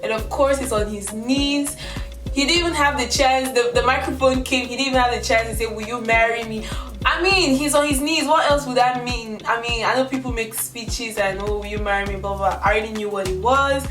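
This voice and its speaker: A young woman vlogger telling a story in a chatty, animated way, acting out her own quotes. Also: a little high, a little fast. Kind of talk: casual storytelling. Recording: roomy echo from a distance, music behind. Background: background music.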